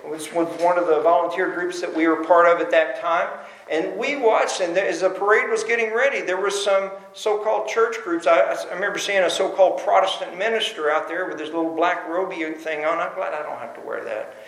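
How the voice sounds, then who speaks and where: A man's voice: high-pitched, brisk, fairly bright tone. A man preaching a sermon as pastor, emphatic and full of rhetorical questions. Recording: roomy echo.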